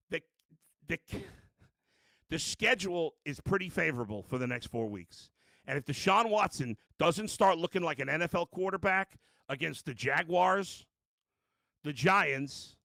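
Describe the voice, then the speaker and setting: A man's voice: medium pitch, pushed and bright, dry recording. A middle-aged man hosting a live post-game sports show, ranting bluntly with profanity, self-mocking asides and frequent restarts. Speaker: sports talk show host.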